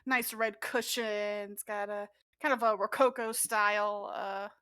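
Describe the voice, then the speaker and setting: A woman's voice: medium pitch, fairly even intonation, measured pace, pushed and bright, clean tone, dry recording. A woman running a tabletop game as game master, narrating scenes in an easygoing, descriptive way and laughing often.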